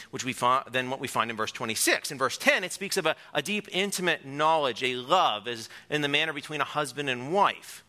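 Male pastor, earnest sermon delivery, slightly high and bright. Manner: earnest, emphatic, reads scripture aloud. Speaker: preacher.

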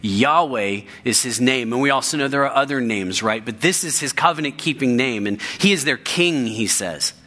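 A man's voice: medium pitch, moderate pace, hardly any pauses, bright, forceful tone. A man, a pastor, preaching a sermon with emphasis and often repeating key phrases for weight.

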